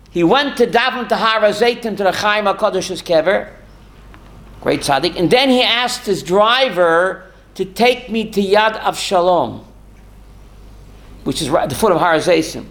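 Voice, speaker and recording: A man's voice: high-pitched, a bit bright. A rabbi teaching a class, asking questions to his students and answering them himself, with Hebrew and Yiddish terms worked into his talk. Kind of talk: Torah class.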